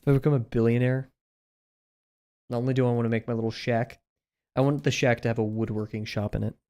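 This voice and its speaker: A man's voice: medium pitch, fairly even intonation, fast, mellow. A man chatting casually on a live stream while he draws, rambling through asides with lots of filler words. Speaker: drawing streamer.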